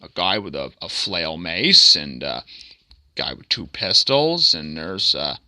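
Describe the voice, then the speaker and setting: A man narrating his own comic in a loose, crude, joking way and chuckling at his own asides. His voice is sharp and bright and moves a lot in pitch. It is close-miked and dry, with no room sound. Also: sing-song, slow, no room sound. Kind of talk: casual commentary.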